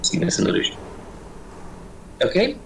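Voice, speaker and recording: A man narrating as game master, talking quickly and chattily with many fillers. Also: a little hiss or hum, poor audio.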